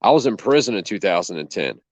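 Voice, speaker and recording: A man's voice: lowish voice, big pitch swings, fast, no echo. A man hosting a casual chat, telling an indignant, profane story and acting out both sides of the conversation. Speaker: channel host. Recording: dull dry lo-fi sound.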